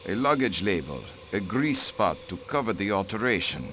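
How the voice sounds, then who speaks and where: A cold haughty count. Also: male voice, fairly low pitch, very animated, normal speed, fairly bright tone, a little hiss or hum. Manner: curt, dismissive, imperious. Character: haughty male count, diplomat, cold and protective.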